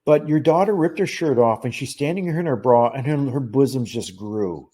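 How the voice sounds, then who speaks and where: A man who is a psychic medium, telling a story as a podcast guest, earnest and animated, acting out the dialogue and often restarting his phrases. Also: mid-range voice, moderate pace, husky. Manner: animated, acts out quoted dialogue. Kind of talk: conversational storytelling.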